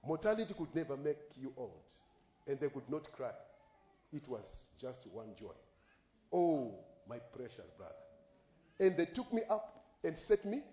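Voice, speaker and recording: A man preaching a sermon as an impassioned storyteller whose voice rises sharply on exclamations, paused for live interpretation. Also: on the high side. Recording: echoey, dull lo-fi recording.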